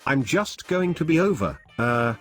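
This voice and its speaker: A man's voice: mid-range voice, sing-song, a little slow, fairly bright tone, soft background music. A man voicing a flustered young male wizard in a storybook reading, talking awkwardly and embarrassed.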